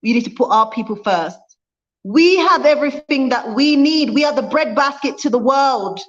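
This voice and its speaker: On a livestream, a woman vlogger speaks with fervor in a high, expressive voice at a moderate pace. She repeats her points for emphasis and reads viewer comments aloud. The audio sounds dull.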